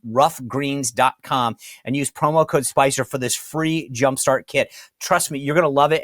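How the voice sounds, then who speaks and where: A man's voice: mid-range voice, fairly bright tone, no echo, studio quality. A man hosting a talk show, chatting loosely through sponsor reads and stumbling over words. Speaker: podcast host. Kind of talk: casual host talk with ad reads.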